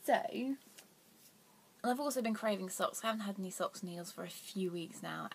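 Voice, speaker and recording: A young woman hosts a casual knitting vlog, rambling and poking fun at herself, sometimes dropping to near whispers. Her mid-range voice is gravelly with a breathy edge and moves a little fast.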